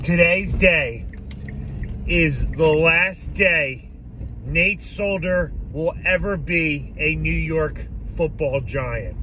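A man delivers an angry, profanity-laden fan rant into his phone from inside a car. His voice is bright and forceful and a bit high for a man, and he drags the words out slowly. Faint car noise hums behind him. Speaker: sports fan vlogger. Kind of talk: ranting fan vlog.

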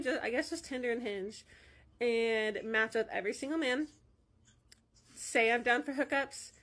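A woman's voice: fairly high pitch, a bit bright. A woman talking casually to the camera in a wry, defiant, matter-of-fact way. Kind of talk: casual social media monologue.

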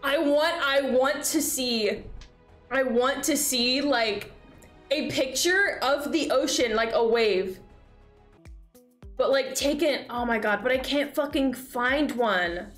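A young woman streaming, chatting casually while reacting to videos, excitable and swearing freely. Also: high-pitched, takes it slowly, faint music behind.

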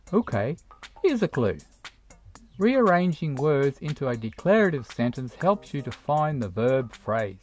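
A narrator giving a scripted grammar lesson for English learners, explaining each point slowly and deliberately with read-out examples. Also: medium pitch, darkish tone. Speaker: English teacher.

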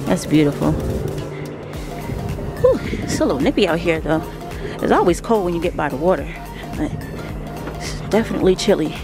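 A woman's voice: on the low side, sing-song, normal speed, pauses often. A woman vlogger giving a casual house tour, chatting and laughing often as she thinks aloud. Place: indoors in a large vacation house, later on a deck. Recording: background music under the voice.

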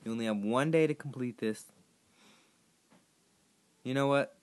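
A hoarse man who has partly lost his voice, chatting casually to viewers as he plays a game and sets tasks for them. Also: medium pitch, measured pace. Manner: rambling, chatty, addressing viewers directly. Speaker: gaming YouTuber. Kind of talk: casual gameplay commentary.

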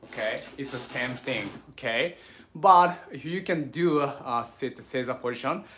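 A man with a Japanese accent leads a livestreamed sword lesson from home. He talks haltingly, with many fillers, coaching and reassuring his students. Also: medium pitch, fairly bright tone, slight background noise. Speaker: sword instructor.

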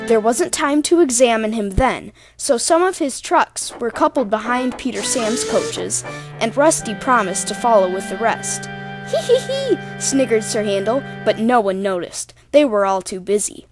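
A woman narrating a children's storybook, expressive and voicing the characters. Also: a little high, normal speed, over music.

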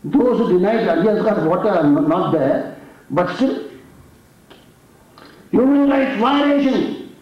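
A man's voice: high voice, lively intonation, unhurried, long pauses. A man with an Indian accent preaching a sermon, telling a story dramatically and raising his voice for the challenges. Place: mosque hall. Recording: echoey hall, distant mic, dull sound.

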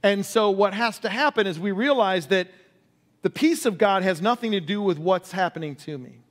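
A male pastor preaching a sermon, asking the congregation questions and acting out quoted cries before dropping to a hush. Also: high voice, normal speed. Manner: acts out quoted cries loudly and drops to a hush.

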